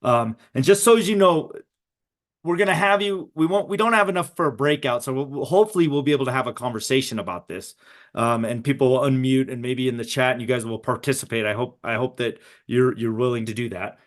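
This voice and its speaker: A man's voice: medium pitch, fast. A middle-aged man presenting a live webinar to educators over a video call, talking conversationally and often checking in with "right?".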